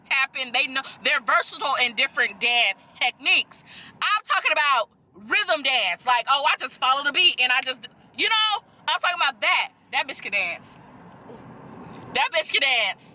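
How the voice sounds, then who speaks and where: Casting: young woman reaction host, high and sharp-toned, sassy and profane. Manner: sassy, profane, animated with laughter. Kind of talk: casual reaction chat.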